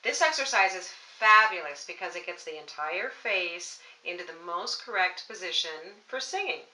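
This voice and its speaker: Woman voice coach doing warm-ups on camera, super bright voice, bouncy and playful. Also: on the low side, lively intonation, moderate pace, slight background noise, poor audio. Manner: playful, encouraging, demonstrates exercises. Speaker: voice teacher. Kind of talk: vocal warm-up lesson to camera. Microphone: camera mic, close framing.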